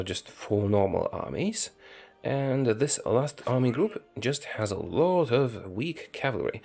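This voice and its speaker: Lively gravelly man narrating gameplay. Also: mid-range voice. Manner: matter-of-fact, thinking aloud. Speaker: gameplay commentator. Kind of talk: strategy game commentary.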